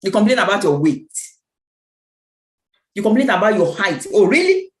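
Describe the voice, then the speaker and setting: Animated woman giving a pep talk. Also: mid-range voice, moderate pace, reverberant, poor audio. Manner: emphatic, repetitive, preacher-like cadence. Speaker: network marketing team speaker. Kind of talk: motivational team meeting talk.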